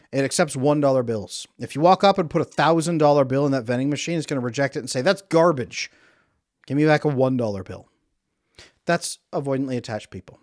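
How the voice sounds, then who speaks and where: Relationship coach guy talking to camera, emphatic, keeps repeating himself, does little acted quotes, slightly high voice, dry sound. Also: no echo. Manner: emphatic, repetitive, acts out quotes.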